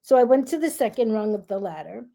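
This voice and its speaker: A woman coach calmly telling a personal story in a reflective, unhurried way. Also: on the high side, creaky. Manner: calm, reflective, acts out her own fearful self-talk. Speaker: grief relief coach and host.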